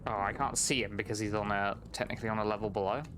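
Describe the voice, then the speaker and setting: A man's voice: on the low side, steady tone, quick pace, music in the background. A young man casually commenting on a game during a live stream, exasperated with the characters, swearing and laughing often.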